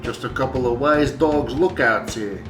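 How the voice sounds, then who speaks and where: A man voicing a gruff German Shepherd mob father who narrates in a deadpan, wisecracking hard-boiled style for a cartoon. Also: mid-range voice, normal speed, lightly acted. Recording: roomy echo, faint music.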